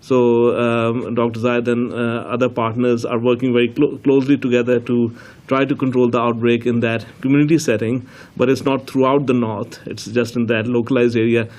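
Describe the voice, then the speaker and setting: A middle-aged man answers a question at a press briefing, explaining in a measured, patient way. He pauses often on fillers as he builds his point. His voice sits at a middle pitch. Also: flat delivery, a little mellow. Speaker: chief medical health officer.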